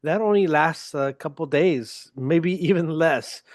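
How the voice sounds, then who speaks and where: A man's voice: fairly high pitch, a little slow, no echo, clean studio sound. A man hosting a solo podcast in a casual, self-deprecating, joking manner. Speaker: podcast host.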